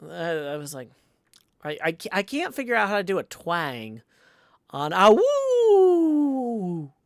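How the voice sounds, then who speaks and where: A man livestreaming in casual chat, reading viewer messages aloud and rambling with many pauses and restarts. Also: on the high side, sing-song, creaky, bright, forceful tone, smooth, dry recording, studio quality. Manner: hesitant and rambling, many ums and restarts, tries out playful howls.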